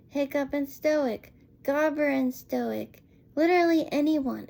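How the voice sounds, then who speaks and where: A woman with a high voice rants her way through a casual film review at an unhurried pace. She rambles, sounds exasperated, and leans on "like" between thoughts. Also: creaky, mellow. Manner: rambling and exasperated, heavy use of "like".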